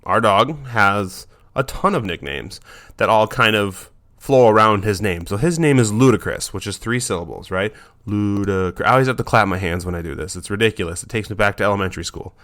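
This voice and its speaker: A man's voice: on the low side, expressive, a little fast, fairly bright tone. A man hosting a dog training podcast, talking in a loose, chatty monologue with many fillers and restarts.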